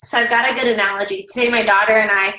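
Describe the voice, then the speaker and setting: A woman in her thirties leading her team on a video call, telling a story with lively energy and talking straight to her listeners. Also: mid-range voice, very fast, reverberant, low-quality recording. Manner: animated storytelling, addresses listeners directly. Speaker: team leader.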